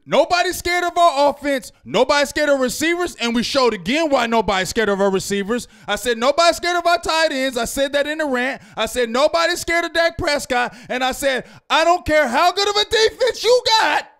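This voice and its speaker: Fired-up high-voiced man ranting. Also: lively intonation, a little fast, few pauses. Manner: loud, fired-up ranting with repeated "you feel me?". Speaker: fan show co-host. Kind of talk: heated postgame rant.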